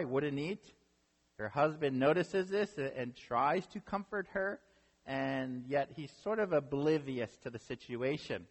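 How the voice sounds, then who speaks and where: A man's voice: mid-range voice, breathy edge. A man preaching a sermon as a pastor, retelling a story conversationally and often checking in with the listeners. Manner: conversational storytelling, often asks "right?" to the audience. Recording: long reverb of a hall.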